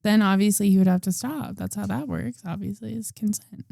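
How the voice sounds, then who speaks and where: A woman co-hosting a podcast, talking about a movie in casual chat, sarcastic and quick to laugh. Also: mid-range voice, creaky, warm tone, no room sound, studio quality. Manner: sarcastic, laughs often, swears. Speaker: podcast co-host.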